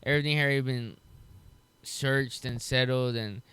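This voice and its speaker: A man's voice: medium pitch, fairly even intonation, normal speed, pushed and bright, smooth. A man in casual chat, talking hesitantly with many restarts and "I mean" fillers.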